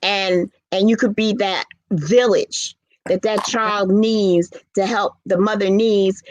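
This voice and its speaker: Hosting a laid-back live stream, a middle-aged woman talks earnestly and with emotion, reading out comments from viewers. She speaks slowly in a mid-range, slightly mellow voice, with slight background noise.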